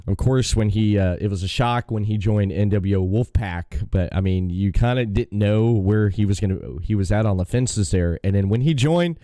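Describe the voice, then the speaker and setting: Brief: a deep, dark-toned male host chatting casually on a podcast, dry close sound. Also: normal speed, few pauses, no echo. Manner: rambling, enthusiastic storytelling. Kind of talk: casual chat.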